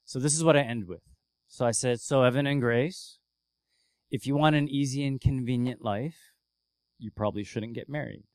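A man preaching a sermon as pastor, telling a story with lively swings from hushed to loud. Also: medium pitch, normal speed, dry recording.

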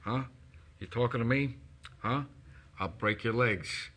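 A man's voice: medium pitch, unhurried, fairly bright tone. A man impersonating a sour-faced, menacing tough-guy actor with clipped, threatening talk.

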